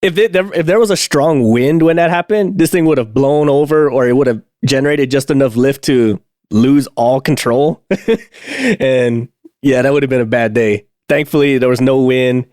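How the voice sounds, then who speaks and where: A man's voice: mid-range voice, moderate pace, a little mellow, no room sound. Guy rambling thru an aircraft fire story, lots of um and uh, laughs a bunch, dead dry sound. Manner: rambling, many fillers and restarts, laughs often. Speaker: podcast co-host, aircraft maintenance technician. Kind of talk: casual storytelling chat.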